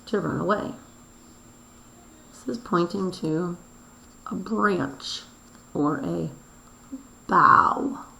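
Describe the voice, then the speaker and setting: A woman teacher going over a daily review, explaining slowly and spelling out words letter by letter. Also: fairly low pitch, gravelly. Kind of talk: recorded classroom review lesson. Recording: roomy echo.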